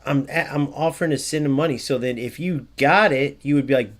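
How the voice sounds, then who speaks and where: A man's voice: mid-range voice, a little fast, few pauses. A man streaming a football video game, talking casually to his viewers and acting out short exchanges with opponents. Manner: talks to his chat, acts out short exchanges in a raised voice. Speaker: gaming streamer. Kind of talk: casual gameplay commentary.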